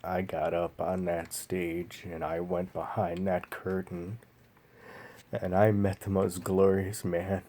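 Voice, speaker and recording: A man vlogging a personal story in a slow, halting, emotional way, pausing often. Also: low voice, little pitch movement, warm tone.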